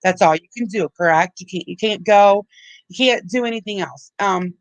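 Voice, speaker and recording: A woman's voice: mid-range voice, normal speed, dry recording, rough recording. A woman hosting a livestream, ranting heatedly with lots of swearing and repeated restarts. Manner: heated, profane, repeats herself. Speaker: livestream host. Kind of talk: angry livestream rant.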